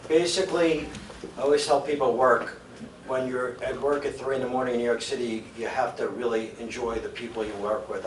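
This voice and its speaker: A man's voice: on the low side, slight background noise. A man giving an earnest, filler-laced acceptance speech for his radio news team. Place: banquet hall. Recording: echoey hall, distant mic.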